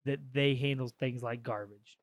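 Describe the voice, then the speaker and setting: A man's voice: mid-range voice, steady tone, no echo. A young man co-hosting a podcast, wry and playful, acting out scenes as he retells them. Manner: wry, acts out scenes with quick voices. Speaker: podcast co-host. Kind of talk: casual chat.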